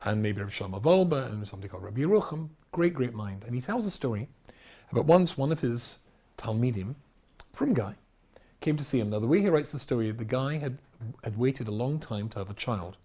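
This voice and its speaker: A man from Scotland, a rabbi giving a storytelling lecture, animated, with loud exclamations and quiet asides. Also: medium pitch, a little fast.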